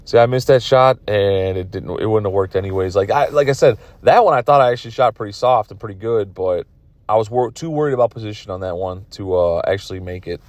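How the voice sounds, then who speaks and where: A man's voice: lowish voice, fast, a little mellow, no room sound. A tired man commenting on his own pool match from his car, rambling and self-critical. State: tired, yawning. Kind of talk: casual video commentary.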